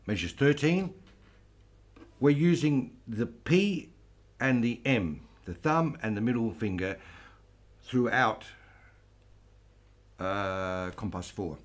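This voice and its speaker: A man teaching flamenco guitar, explaining strumming patterns slowly and patiently. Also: mid-range voice, expressive. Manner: slow, patient, counts aloud over playing. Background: flamenco guitar playing.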